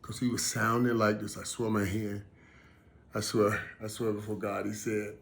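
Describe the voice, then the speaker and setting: A middle-aged man with a somewhat low voice tells a personal story in a casual way. He is emphatic and animated and often repeats phrases for weight. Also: moderate pace, vocal fry. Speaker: vlogger.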